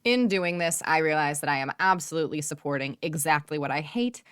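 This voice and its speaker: Gushing, animated woman vlogger, dry close sound. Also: deep voice, brisk, smooth, no echo. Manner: gushing, animated, sarcastic asides. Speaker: movie vlogger. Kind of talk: casual chat.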